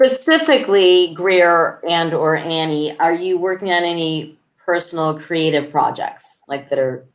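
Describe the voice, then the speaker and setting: A woman's voice: fairly low pitch, expressive, a little slow. A woman moderating a panel on a video call, asking the guests casual, friendly questions.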